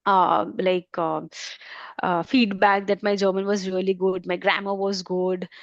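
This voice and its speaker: An Indian woman with an Indian accent talks through interview answers, rambling with many fillers and restarts. Her voice sits at a middle pitch, recorded dry and a little dull. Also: little pitch movement, a little slow, no echo. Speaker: guest, German language trainer.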